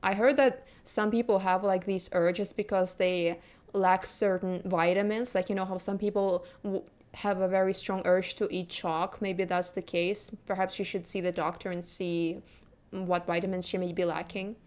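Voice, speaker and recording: A woman's voice: mid-range voice, steady tone, normal speed, darkish tone. A woman streamer chatting casually with her viewers while gaming, rambling and giggling often. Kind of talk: casual chat with viewers during a game stream.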